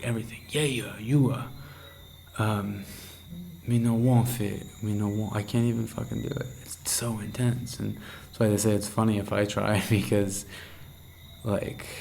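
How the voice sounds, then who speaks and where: A young man recording a candid night-time video diary, rambling and intense, swearing freely and sometimes dropping into a hushed half-whisper. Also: slight background noise, low-quality recording. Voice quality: gravelly, low-set voice. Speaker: vlogger.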